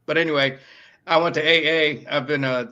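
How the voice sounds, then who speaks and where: A podcast producer and co-host from the northeastern United States, with a New York accent, rambles through a casual chat full of fillers and restarts. His voice is a little high, steady, a little fast, and bright with a forceful tone. The recording sounds dull and lo-fi.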